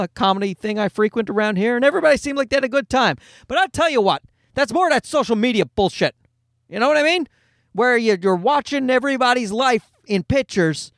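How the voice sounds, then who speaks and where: A man of forty, high-voiced and a bit bright, delivers a loose monologue of rambling, wry comic stories with occasional cursing. The sound is studio quality, with no room sound.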